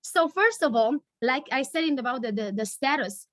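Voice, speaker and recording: A woman's voice: high-pitched, lively intonation, moderate pace, a bit bright, no echo, studio quality. Hesitant woman teaching online. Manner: hesitant, searching for words, many fillers. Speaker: storytelling workshop leader. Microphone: video call.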